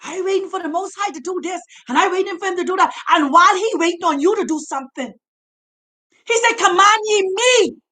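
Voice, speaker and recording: A woman preaching a sermon, fervent and impassioned, shouting her exhortations and at times near tears. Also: very high voice, fairly quick.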